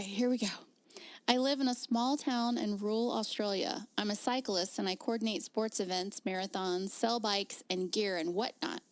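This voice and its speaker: A woman's voice: fairly high pitch, dry recording. Giggly chatty woman reading a story. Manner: giggly, chatty, reads aloud with asides. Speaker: podcast co-host. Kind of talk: casual podcast story reading.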